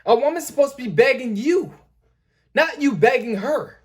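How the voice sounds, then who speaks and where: A man's voice: very high-pitched, lively intonation, moderate pace, slightly rough. A man hosting a dating-advice talk, lecturing emphatically, repeating his points and addressing his viewers as guys. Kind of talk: lecturing commentary.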